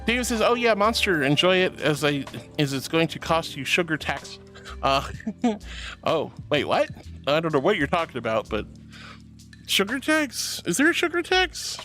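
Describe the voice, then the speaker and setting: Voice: normal speed, faint music behind. A streamer chatting casually and reading out viewer messages, calling everyone sweetie and honey. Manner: animated, jumps between high squeals and low mutters.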